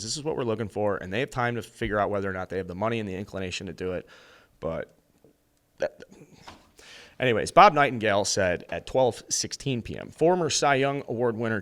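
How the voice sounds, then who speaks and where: A man's voice: on the low side, fairly bright tone. A man in his thirties with an American accent, co-hosting a casual sports podcast and reading an ad in a loose, rambling way. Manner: loose and rambling, lots of fillers. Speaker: podcast co-host. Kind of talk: casual sports chat with host-read ad.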